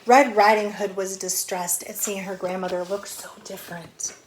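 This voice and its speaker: A woman teacher reading a picture book aloud to children, gently explaining words as she goes. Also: medium pitch, fairly even intonation, moderate pace, slight background noise, poor audio.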